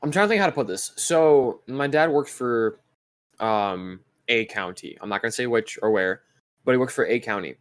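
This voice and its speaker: A man's voice: medium pitch, expressive, normal speed, no echo. A young man co-hosting a casual podcast, telling a story in a rambling way with many fillers and restarts. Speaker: podcast co-host. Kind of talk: casual chat.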